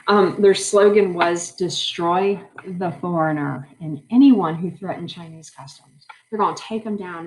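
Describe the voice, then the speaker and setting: In a rough recording with a bit of hiss or hum, a lowish-voiced woman teaches history. Her recorded lecture is casual and chatty, addressed directly to her students.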